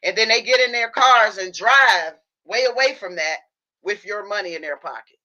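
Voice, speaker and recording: Woman livestream host, bright voice, preachy and insistent, spins long analogies and checks the audience is with her. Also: medium pitch, normal speed, muffled recording. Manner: preachy, builds long animal analogies, keeps asking listeners if they follow. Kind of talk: impassioned livestream monologue.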